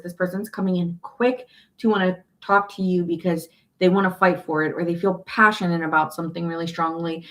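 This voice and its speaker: A woman giving a casual tarot reading, talking in a chatty, emphatic way, restarting and repeating phrases and turning blunt and exasperated. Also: fairly low pitch. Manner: blunt and exasperated, swears in quoted asides. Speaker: tarot reader.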